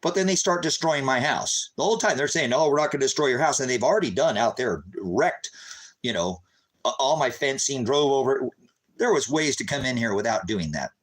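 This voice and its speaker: A man delivering an impassioned, agitated monologue to his viewers, calling them brothers and sisters, sometimes rising to a loud, high-pitched telling. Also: expressive, moderate pace, rough recording. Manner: grows loud and high when recounting the raid. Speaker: street preacher vlogger.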